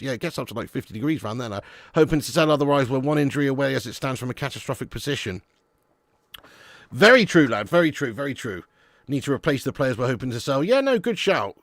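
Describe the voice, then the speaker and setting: Gravelly football-stream host. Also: male voice, medium pitch, dry recording, studio quality. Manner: blunt and casual, swears, says "lad" and "mate". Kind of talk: live-stream fan chat reading viewer comments.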